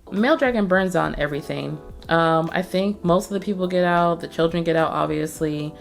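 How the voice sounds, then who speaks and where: A woman hosting a casual movie recap, telling the story in a profane, slangy, animated way. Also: on the low side, fairly quick, vocal fry, hardly any pauses. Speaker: host.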